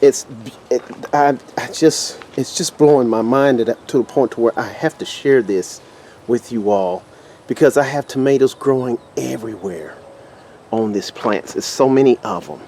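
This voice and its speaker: A man with a Texan drawl showing his garden, talking in an excited, stumbling way and repeating himself, recorded outdoors on a handheld camera. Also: medium pitch, moderate pace, slight background noise. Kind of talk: casual walk-through vlog.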